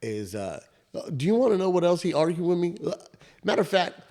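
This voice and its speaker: A man's voice: high voice, fairly quick. A man co-hosting a podcast, telling a funny story in loose, profane casual chat and laughing as he goes. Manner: animated, profane storyteller who laughs at his own anecdote. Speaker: podcast co-host.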